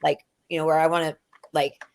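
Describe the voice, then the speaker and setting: A middle-aged woman hosts a casual spiritual conversation. Her voice sits a little low, and she rambles loosely, full of fillers and false starts. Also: little pitch movement, fairly quick. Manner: rambling, lots of fillers and restarts. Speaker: show host.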